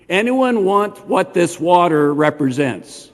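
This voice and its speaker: An older man, a rabbi preaching a sermon in a synagogue, animated and talking straight to the congregation with questions. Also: on the high side, measured pace, few pauses. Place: synagogue sanctuary. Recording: long hall reverb.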